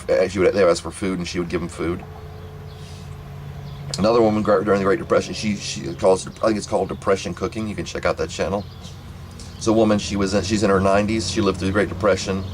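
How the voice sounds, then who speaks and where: A man's voice: sits low, a little hiss or hum, low-quality recording. A man telling a family story in a rambling, casual monologue, full of repeats and restarts. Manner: rambling, repetitive, many restarts.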